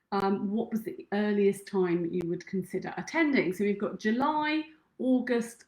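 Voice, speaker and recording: A woman's voice: fairly high pitch, a little mellow. Giggly woman in an echoey room. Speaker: dance teacher co-hosting a live Q&A. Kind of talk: casual live-stream chat.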